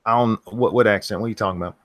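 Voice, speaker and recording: A man's voice: lowish voice, rapid-fire, fairly bright tone. A man hosting a casual podcast chat, rambling through the news and swearing often. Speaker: podcast host.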